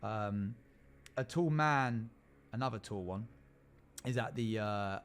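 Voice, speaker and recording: A man's voice: on the low side, clear, resonant tone. A man narrating a role-play game as a streamer, with frequent halts and fillers. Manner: halting, filler-heavy narration.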